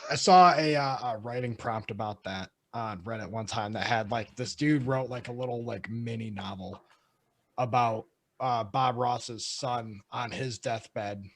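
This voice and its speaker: Rambling male podcast co-host. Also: medium pitch. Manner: rambling, halting with fillers and restarts. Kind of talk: casual chat.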